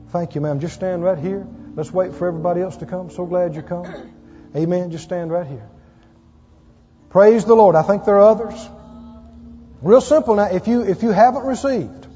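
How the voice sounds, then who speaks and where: With a warm voice that sits high, a man delivers a sermon and an altar call in a church sanctuary, pleading emphatically in a repetitive preaching rhythm. The sound is dull and echoey, typical of a church recording.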